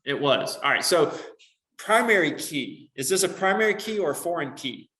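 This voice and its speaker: A man's voice: fairly high pitch, animated, normal speed, sharp tone. A male computer science teacher explaining a coding demo to his class step by step, with frequent "um" and "right?" checks. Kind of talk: classroom lesson on screen.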